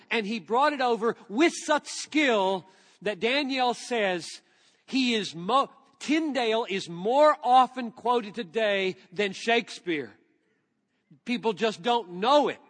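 A high-pitched male preacher speaks slowly and deliberately, lingering reverently over each quoted line. His voice rings out in a hall with a long, trailing reverb. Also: fairly bright tone. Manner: earnest, reverent, reads scripture slowly with emphasis. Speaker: pastor. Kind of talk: sermon.

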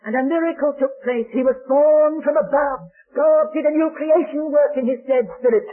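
High-voiced preacher on a tinny old tape. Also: male voice. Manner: dramatic storytelling, slow emphatic stresses. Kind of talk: sermon.

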